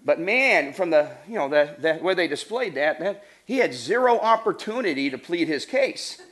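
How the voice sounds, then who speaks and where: Animated storytelling male preacher. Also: a little high, normal speed. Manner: animated, acts out voices, laughs while telling stories. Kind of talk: sermon with humorous storytelling.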